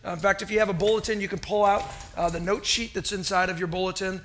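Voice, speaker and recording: Upbeat male pastor, sermon delivery in a church sanctuary; high, bright voice. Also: fairly even intonation, quick pace. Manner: upbeat, chatty, jokes with the congregation.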